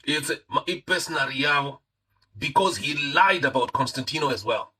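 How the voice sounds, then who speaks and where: Impassioned husky Zimbabwean man. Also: fairly high pitch, expressive, normal speed, bright, forceful tone, rough recording. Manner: heated, repetitive, mixing in Shona phrases. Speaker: online political commentator. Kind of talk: impassioned live-stream commentary.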